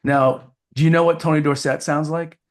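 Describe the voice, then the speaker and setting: Male guest, 50s, from New Hampshire: animated keynote storyteller with a slightly high voice. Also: normal speed. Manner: lively storyteller who acts out the dialogue. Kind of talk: storytelling in a casual interview.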